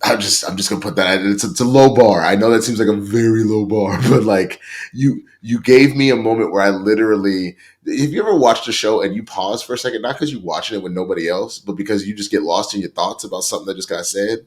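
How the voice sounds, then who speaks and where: A man co-hosting a casual TV review show, talking in a relaxed, rambling, slangy way. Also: fairly low pitch, fast talker.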